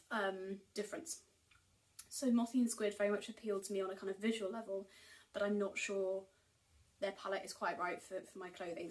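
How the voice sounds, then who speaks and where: A woman chatting casually to camera about her knitting purchases, enthusiastic and full of ums and likes. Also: mid-range voice. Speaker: knitting vlogger. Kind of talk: casual haul chat to camera. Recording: voice picked up from a distance.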